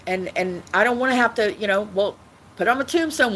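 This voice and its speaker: Speaking fairly quickly in a mid-range, slightly bright voice, a woman hosts her own livestream, rambling repetitively with lots of restarts and frequent cursing. The recording is rough.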